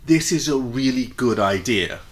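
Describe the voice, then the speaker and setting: Chatty guy reading a story out loud, bouncy voice, laughs a lot. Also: medium pitch, expressive, moderate pace. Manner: chatty, laughs often, comments between passages. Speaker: fan fiction reader. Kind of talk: casual read-aloud with chat.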